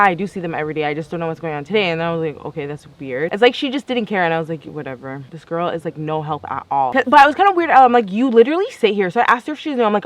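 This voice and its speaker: A woman's voice: medium pitch, dry recording. A young woman telling a story in a casual vlog, chatty and exasperated, acting out both sides of each conversation. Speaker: vlogger.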